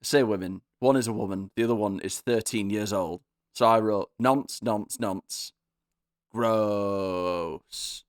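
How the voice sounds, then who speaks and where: A man's voice: on the low side, fairly even intonation, fairly quick, dry recording. A young man co-hosting a casual film podcast with dry, sarcastic humor. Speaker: podcast co-host. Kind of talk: casual film review chat.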